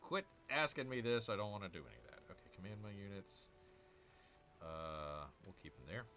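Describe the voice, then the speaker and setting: Male gaming host, animated pitch, chatty with his viewers while he plays. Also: normal speed, soft background music. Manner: chatty, answers viewer chat while muttering over his moves. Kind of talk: casual let's-play commentary.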